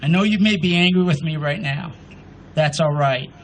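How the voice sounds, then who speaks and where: A man's voice: a little high, a bit bright, slight background noise, rough recording. A man reading as a patient, loving God. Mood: tender. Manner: measured recitation. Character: patient loving male God addressing mourners. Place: outdoor memorial ceremony.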